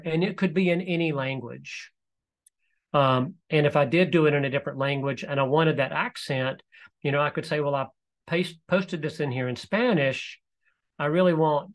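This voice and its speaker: A man presenting a live webinar, walking through software in a relaxed, explanatory way with frequent fillers. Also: on the high side. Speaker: presenter demonstrating e-learning software.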